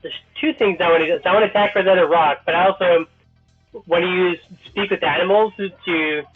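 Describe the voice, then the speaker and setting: A man's voice: sits high, steady tone, a little fast, husky, soft background music. A man playing a tabletop game, talking hesitantly with many fillers. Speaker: player. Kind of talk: casual tabletop play. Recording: tinny phone-like line.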